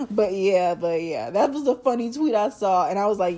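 A young woman hosts her own podcast, chatting straight to her listeners. She talks in a loose, slangy, animated way, with her pitch sitting in the middle of the usual range. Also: moderate pace. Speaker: podcast host. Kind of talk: casual solo podcast chat.

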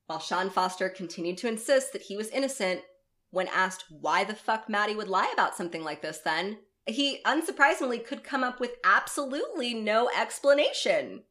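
A woman's voice: medium pitch, big pitch swings, normal speed, a bit bright. A woman co-hosting a podcast, reading a true story aloud and breaking in with blunt, profane asides. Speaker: podcast co-host. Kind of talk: narrating a true story in casual chat.

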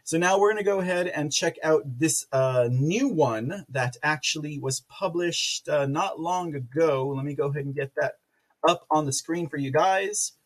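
A man hosting a casual political commentary livestream, rambling with many fillers and restarts, with sarcastic asides and loud laughs. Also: on the high side, normal speed. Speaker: podcast host.

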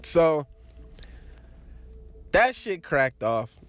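A man's voice: fairly high pitch, sing-song, drawn-out words, a bit bright. A man telling a crude personal story in casual chat, laughing often and restarting his sentences as he rambles. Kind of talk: casual anecdote monologue.

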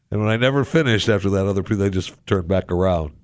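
A male radio host ranting sarcastically in a talk show monologue, with loud exasperated bursts. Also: low-pitched, racing, few pauses, no room sound, studio quality.

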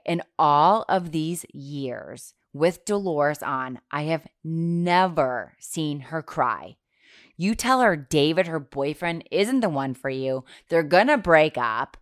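Low-voiced woman in her 30s chatting on her podcast, slow and easy, dry close sound. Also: no room sound. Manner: chatty, self-deprecating, swears casually. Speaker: podcast host. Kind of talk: casual solo podcast chat.

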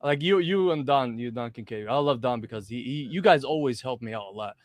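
A man's voice: mid-range voice, lively intonation, brisk, no echo. A man guesting on a podcast, talking enthusiastically and casually, often saying bro and swearing. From outside America. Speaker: guest, pro wrestler. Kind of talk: casual interview chat.

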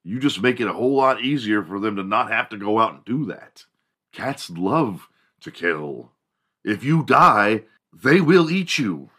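A man hosting a podcast, telling a casual comedic monologue in a profane, animated way. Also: on the low side, a little slow, slightly rough. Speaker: podcast host.

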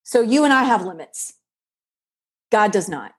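A woman's voice: medium pitch, big pitch swings, unhurried, breathy edge. A woman guest on a faith-based leadership podcast, talking in emphatic, preacher-like bursts.

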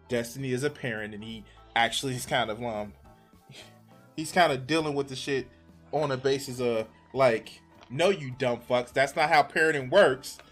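A man's voice: medium pitch, fairly bright tone. A man reacting to a debate clip on his stream, exasperated and swearing often, talking back at the speakers. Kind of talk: casual reaction commentary.

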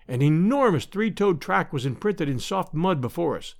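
A man narrating an adventure audiobook in a measured, expressive storytelling manner. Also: on the high side, creaky. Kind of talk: scripted narration.

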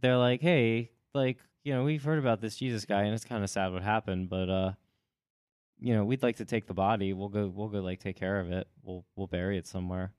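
A man casually retelling a story in a rambling, animated way, slipping into quick voiced asides. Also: fairly low pitch, clear, resonant tone, dry recording, clean studio sound.

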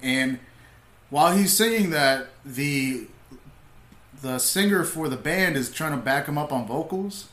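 A young man, a comedian, telling stories in laid-back casual talk, swearing freely and getting animated as he retells. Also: a little high, unhurried, reverberant. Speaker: comedian, podcast guest. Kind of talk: casual storytelling.

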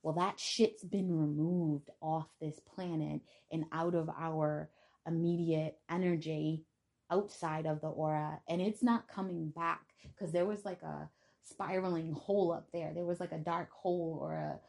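A woman's voice: low voice, fairly even intonation, unhurried, creaky, a little mellow. Blunt, foul-mouthed woman vlogger. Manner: blunt, profane, defiant. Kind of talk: casual spiritual monologue.

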